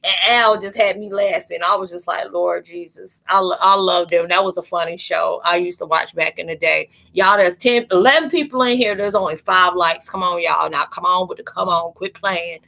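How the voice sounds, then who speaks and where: A woman's voice: fairly low pitch, steady tone, normal speed, creaky, few pauses, sharp tone. A middle-aged woman hosting a casual live chat, talking straight to her viewers, laughing and telling stories as she reads the comments. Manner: chatty, laughing, talks to viewers directly. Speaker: livestream host.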